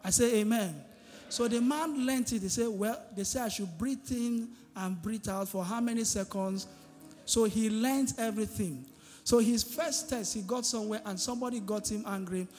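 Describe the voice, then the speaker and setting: A pastor preaches in a fairly high voice that carries through a reverberant church hall. He keeps pulling the congregation in with questions and pauses for their answers. Soft music sits quietly behind him. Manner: call-and-response preaching, asking the congregation "what?". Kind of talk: sermon.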